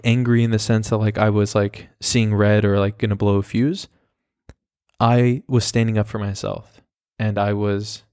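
Lower-voiced man telling a rambling story. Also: a little mellow, dry recording, studio quality. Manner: rambling, profane, full of fillers like "like". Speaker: podcast host. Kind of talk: casual storytelling.

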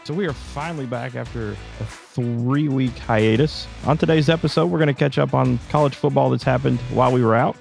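Gravelly-voiced man opening a podcast. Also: mid-range voice, brisk, few pauses, darkish tone, soft background music. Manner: upbeat, runs the show's agenda. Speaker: podcast host introducing the episode. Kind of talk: casual podcast intro and chat.

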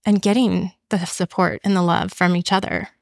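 A woman's voice: fairly low pitch, fairly even intonation, normal speed, gravelly, darkish tone, no room sound, clean studio sound. A middle-aged woman speaking candidly and earnestly as a guest in a casual podcast interview, often saying "you know.".

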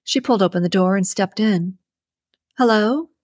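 Female audiobook narrator, mid-range voice, steady scripted romance read, dry booth sound. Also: mid-range voice, a little fast, dry recording.

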